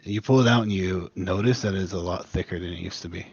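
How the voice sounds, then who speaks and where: A man's voice: low-pitched, quick pace, gravelly, hardly any pauses, darkish tone, breathy edge, no room sound, dull audio. A man narrating as game master of a tabletop game, laid-back and rambling.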